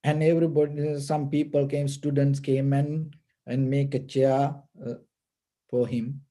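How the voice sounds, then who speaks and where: A man's voice: medium pitch, level tone, dark tone. A man giving a storytelling dharma talk as a meditation teacher, with patient, simple phrasing. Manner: slow, patient, simple non-native phrasing.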